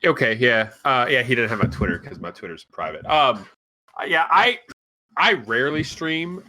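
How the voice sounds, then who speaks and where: A man's voice: medium pitch, animated, normal speed, sharp tone. A man chatting on a casual podcast, rambling and hesitant with many fillers. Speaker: podcast regular and player.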